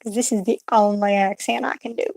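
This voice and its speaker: A woman's voice: medium pitch, steady tone, a little fast, creaky, a little mellow, no echo. A young woman putting on a joking rural Southern US accent, drawling and playful. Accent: put-on Southern US drawl.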